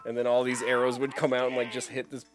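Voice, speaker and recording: A man co-hosting a podcast in casual chat, animated and laughing often as he retells cartoon gags. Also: mid-range voice, fast, music in the background. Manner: animated, laughs a lot, mimics cartoon voices. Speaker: podcast co-host.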